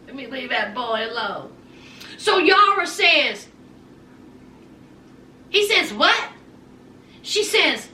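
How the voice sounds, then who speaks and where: A sassy woman chats through a TV recap, her voice very high and lively as it swoops around. She talks slowly and takes her time over each line. She sounds echoey and a little distant from the mic. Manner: sassy, animated storytelling with quoted voices. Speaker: recap vlogger. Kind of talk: casual TV recap chat.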